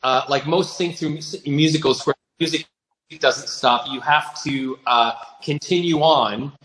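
A man's voice: on the high side, measured pace, fairly bright tone, reverberant, rough recording. A man recalling a backstage mishap in casual chat, rambling a little as he remembers. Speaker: guest performer. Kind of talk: anecdotal chat over video call.

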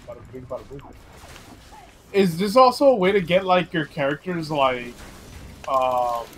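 A man's voice: on the high side, expressive, normal speed, a little hiss or hum. A man streaming a game, chatting casually with friends and swearing freely. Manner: laid-back, swears casually. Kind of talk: casual gaming chat.

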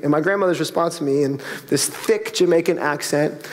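A high-pitched male pastor preaches in an easy, conversational way. He keeps climbing to emphatic peaks, and a long church-hall reverb trails after each phrase. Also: a little fast. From South Florida. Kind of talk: sermon. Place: church auditorium.

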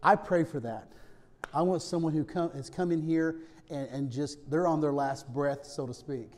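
Mellow-voiced pastor preaching conversationally. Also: male voice, a little high, normal speed. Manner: conversational preaching, frequent "okay?" checks; storytelling with rising emphasis, softening to hushed tones. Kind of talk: sermon.

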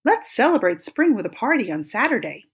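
A woman's voice: on the high side, sing-song, fairly quick, slightly rough, pitched above the performer's own voice, heavily acted. A woman voicing a hardworking, fed-up female iguana in a storybook read-aloud, emphatic and exasperated. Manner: eager, then exasperated, emphatic.

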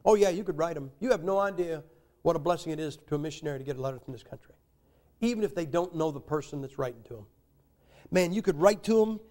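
A man's voice: a little high, animated, quick pace, darkish tone. A man preaching a sermon in a folksy, joking way, with emphatic rises in his delivery. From United States.

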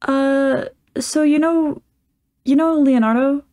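A woman's voice: high-pitched, steady tone, takes it slowly, dark tone, voice pushed up. A woman voicing a flustered young man in a storybook reading, nervous and defensive.

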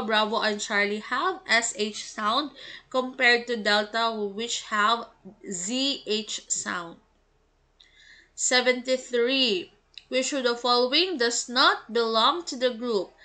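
A woman, an English teacher slowly reading quiz items and giving the answers, pronouncing each word with care. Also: a little high, sharp tone. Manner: slow, deliberate, enunciates each word.

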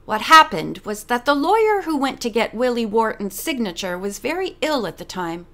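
A woman's voice: fairly high pitch, very animated, normal speed, heavily acted. A woman reading the part of a genial middle-aged male lawyer who teases his daughter, in an audiobook. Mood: explaining. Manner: teasing, gently joking.

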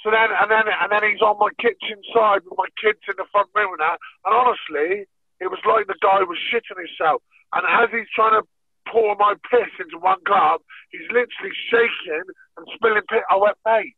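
Man, high voice, swearing storyteller, thin phone-like audio. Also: fairly quick, slightly rough, no room sound. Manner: profane, laughing, animated storyteller. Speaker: podcast guest, former fighter. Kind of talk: casual storytelling. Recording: tinny phone-like dry sound.

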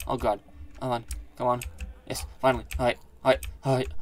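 A man hosting a let's play, commenting excitedly on his own gameplay, exclaiming, swearing and rambling as he corrects himself. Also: medium pitch, fairly quick. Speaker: gaming channel host.

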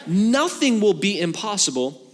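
Some chatter can be heard behind an unhurried, high-pitched male pastor delivering a sermon. He tells the story lightly and with jokes, acting out each exchange, and the church hall adds long reverb.

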